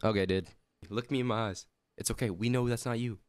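A man's voice: mid-range voice, fairly even intonation, fast. A man hosting a casual reaction stream, teasing and repeating his points. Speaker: host.

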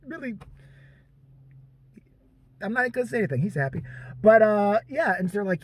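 High-pitched, rambling young man. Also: fairly quick, slightly rough, dry recording. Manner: crude, rambling, excitable. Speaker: vlogger. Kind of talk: casual storytelling vlog. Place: inside a parked car.

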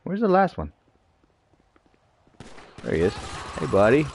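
A man's voice: a little high, wildly swooping pitch, takes it slowly, gravelly, a little hiss or hum. A man streaming an online shooter game, joking, swearing and talking to himself and his teammates as he plays. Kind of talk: live gameplay commentary.

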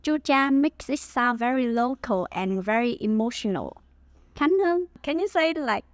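A woman from Huế with a Vietnamese accent, teaching dialect phrases in a scripted language lesson with slow, careful modeling. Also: fairly high pitch, lively intonation, no room sound.

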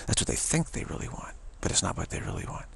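A man's voice: fast talker, fairly bright tone, a little hiss or hum. A man giving an informal spiritual talk as a teacher, rambling and full of "you know" fillers. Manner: rambling, frequent 'you know' fillers.

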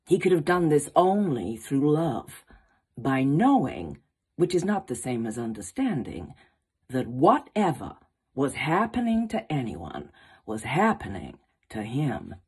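A woman voicing a rousing American writer, husky. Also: extremely low pitch, sing-song, a little slow, a little mellow, exaggerated voice. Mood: impassioned. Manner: rousing, rhythmic recitation. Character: impassioned American male writer, solemn orator.

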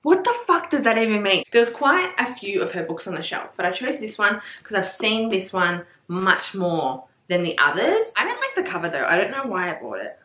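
A woman's voice: mid-range voice, moderate pace, few pauses, echoey room. A young woman, bubbly and sweary, chatting casually through a book haul vlog. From Australia. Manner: bubbly, sweary, excitable with gasps and squeals. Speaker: book vlogger.

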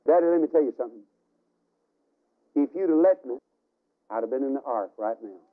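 A preacher voicing a frightened, accusing grown son. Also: male voice, mid-range voice, lively intonation, fairly quick, close to an everyday voice. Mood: reproachful. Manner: pleading, reproachful. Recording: tinny archival radio broadcast.

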